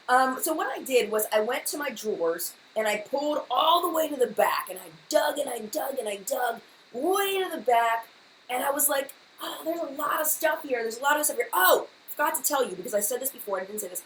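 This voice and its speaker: A young woman hosts a casual live-stream chat about makeup, talking in a flustered, chatty and apologetic rush. Her voice sits a little high. It is recorded at home in a room with a clear echo and a faint hiss behind it. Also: fairly bright tone. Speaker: beauty YouTuber hosting a live chat.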